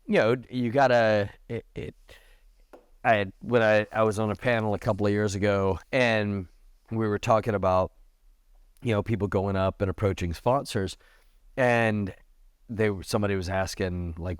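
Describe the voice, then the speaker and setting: With a clear, resonant tone, a middle-aged man talks at normal speed as a guest on a podcast. He's animated and casual, recounting stories and playing the characters' lines in a higher pitch, captured in a dry, studio-quality recording.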